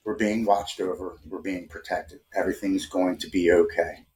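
A man quoting a calm, comforting older father. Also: deep voice, normal speed, slight background noise, natural voice. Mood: reassuring. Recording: roomy echo.

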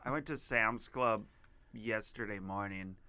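A man's voice: fairly low pitch, unhurried, pushed and bright, smooth, no echo. A man co-hosting a podcast, telling an embarrassing story with lots of laughter. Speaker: podcast co-host. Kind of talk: casual podcast chat.

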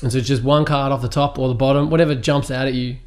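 A man hosting a casual podcast, prompting his guest with quick questions. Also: medium pitch, fairly even intonation. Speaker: podcast host.

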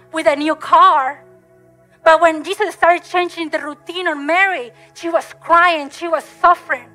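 Woman preacher, high and bright, English, repetitive emotional sermon cadence, faint music under. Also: rough recording.

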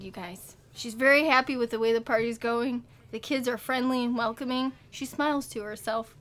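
Woman w/ a high voice reading a silly story out loud, laughs a lot, does little voices. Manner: reads with small put-on quotes, laughs often. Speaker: podcast co-host reading a story. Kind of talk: casual story reading among friends.

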